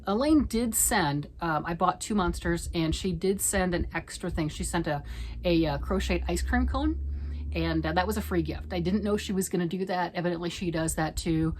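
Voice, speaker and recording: A middle-aged woman chats casually from home, rambling from one thought to the next. Her voice sits a little low, and she often drops into a hushed near-whisper. A faint hum of noise sits behind her. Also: low-quality recording. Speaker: knitting vlogger. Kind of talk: casual chat.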